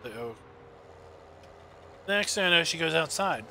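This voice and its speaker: Rambling game streamer, a man with a fairly high, very bright voice, quiet hum behind. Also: animated, measured pace, vocal fry. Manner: rambling, chatty, with many fillers. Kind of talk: casual gameplay chat and storytelling.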